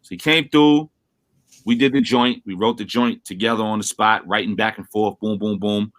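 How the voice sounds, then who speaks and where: A man from Brooklyn, a rapper being interviewed over a remote call, telling stories in a casual, animated way and acting out quotes. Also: moderate pace. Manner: animated storyteller, acts out quotes with big pitch jumps. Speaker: rapper guest.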